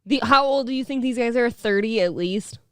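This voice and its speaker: A woman's voice: a little high, brisk, clear, resonant tone, no room sound, clean studio sound. Blunt, teasing female co-host. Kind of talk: casual comedic commentary.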